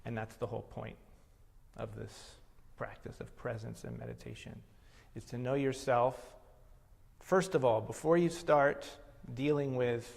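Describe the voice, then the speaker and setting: A man's voice: mid-range voice, steady tone, creaky, darkish tone. Reflective male meditation teacher, reverberant hall. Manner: reflective, unhurried explaining.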